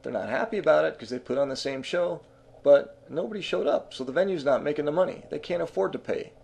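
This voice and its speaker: A man's voice: fairly high pitch, expressive, fast, creaky, a little mellow, husky. A man talking through music business advice in a casual, conversational way, with frequent fillers and restarts.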